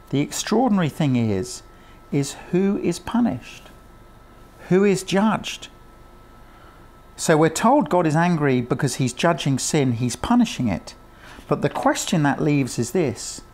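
A man's voice: a little high, darkish tone. Earnest male preacher delivering a sermon. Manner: earnest, emphatic, rhetorical questions.

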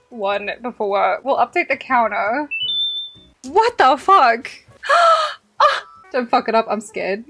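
A young Australian woman chatting over a game as a streamer, excitable, swearing freely and laughing often. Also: on the high side. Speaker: gaming streamer. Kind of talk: casual game commentary.

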